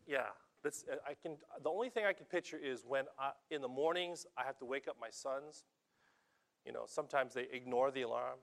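A middle-aged man preaching a sermon as pastor, animated, repeating words and swinging between loud bursts and hushed lines. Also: medium pitch, vocal fry.

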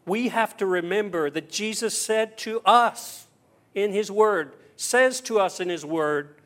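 Middle-aged pastor guy preaching, high voice, acts out the quotes, gets loud then goes real quiet. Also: measured pace. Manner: storytelling with acted-out quotes; swings between loud and hushed. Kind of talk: sermon.

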